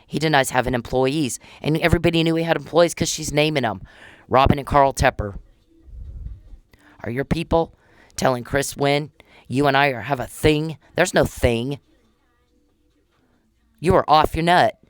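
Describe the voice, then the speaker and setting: Woman, low voice, dry close sound, ranting blunt and profane at an official. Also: moderate pace, long pauses, no echo. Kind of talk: angry monologue addressed to an official.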